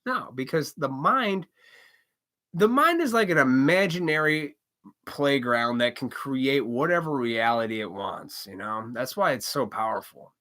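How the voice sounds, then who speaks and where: Lively, bright-voiced man rambling on a stream. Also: medium pitch. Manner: loose, profane, chuckles often, acts out quoted voices. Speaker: live stream host. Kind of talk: casual rambling monologue.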